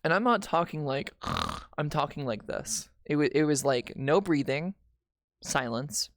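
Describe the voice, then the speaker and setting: A woman's voice: sits low, animated, moderate pace, no room sound, clean studio sound. A young woman streamer telling a painful family story in casual, candid talk, swearing and restarting often.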